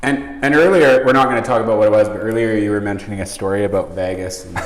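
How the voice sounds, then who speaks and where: A man's voice: lowish voice, fast. A man hosting a casual interview, teasing his guest with jokes. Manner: teasing, joking. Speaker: host. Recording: echoey room with long reverb.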